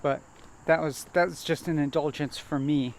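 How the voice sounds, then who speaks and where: A man vlogging as he walks a nature trail, thinking aloud in a halting, hesitant way and repeating words. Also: on the high side, fairly even intonation. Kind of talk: rambling self-reflective monologue while walking. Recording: faint outdoor noise.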